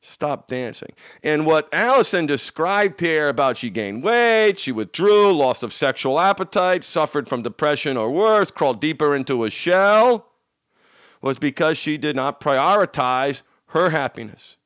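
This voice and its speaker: A man gives a motivational coaching talk, hammering points home with repetition and frank, salty language. His voice sits fairly high and jumps between loud bursts and hushed lines. The sound is dry and close. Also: very animated, unhurried, clean tone, no room sound. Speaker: addiction recovery coach.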